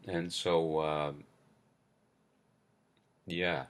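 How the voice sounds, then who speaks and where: A man's voice: rumbling low, little pitch movement, a bit bright. A man hosting a solo podcast, ranting angrily with lots of swearing, fillers and apologies. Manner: angry, profane, halting with many fillers and apologies. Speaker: podcast host. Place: New York.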